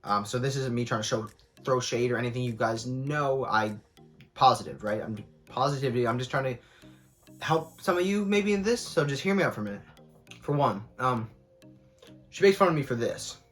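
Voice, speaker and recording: A young man talks candidly while eating on camera, rambling with plenty of fillers and now and then speaking through a mouthful of food. His voice sits in a middle pitch, and faint music plays underneath. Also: animated, normal speed, fairly bright tone. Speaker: mukbang vlogger. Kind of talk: casual chat while eating.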